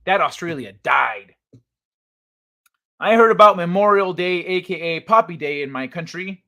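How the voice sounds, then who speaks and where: A man's voice: on the high side, moderate pace, pushed and bright. A man hosting a casual livestream from home on a desk mic, reading chat aloud and joking crudely, rambling with restarts. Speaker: livestream host. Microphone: desk microphone.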